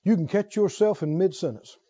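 A man preaching a sermon, emphatic, swinging from loud exhortation to hushed intensity. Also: sits high, brisk, husky. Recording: dull lo-fi sermon recording.

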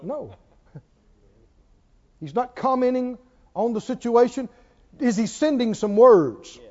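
A man's voice: very high voice, animated, slow, darkish tone. A man preaching a sermon, emphatic, firing rhetorical questions at his listeners and drawing out key words for emphasis. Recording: reverberant, dull lo-fi church recording.

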